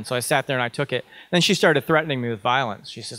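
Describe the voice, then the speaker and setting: A man's voice: mid-range voice, quick pace, few pauses, pushed and bright, no room sound. A man in his thirties giving a conference talk, telling a personal story conversationally with frequent ums and restarts. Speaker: conference speaker.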